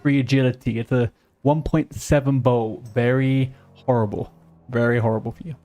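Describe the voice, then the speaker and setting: A man's voice: medium pitch, fairly even intonation, normal speed, dark tone, soft background music. Rambling male game streamer. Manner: rambling, mutters to himself, mild swearing and humming. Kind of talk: casual live-stream gaming commentary.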